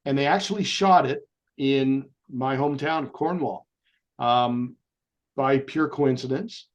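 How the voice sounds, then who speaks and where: A man, speaking as a guest on an interview show. He tells lively stories at a mid-range pitch. He slips into voices whenever he quotes someone. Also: a little slow, highs cut off. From Canada. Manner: animated raconteur, slips into voices when he quotes people. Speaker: guest actor. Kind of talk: anecdotal storytelling in an interview.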